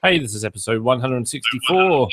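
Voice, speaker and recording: A man's voice: medium pitch, animated, brisk, music in the background. A man co-hosting a writing podcast in casual chat, telling stories with lots of fillers and jokes. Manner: chatty, jokey storyteller with frequent fillers. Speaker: podcast co-host. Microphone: remote call, some echo.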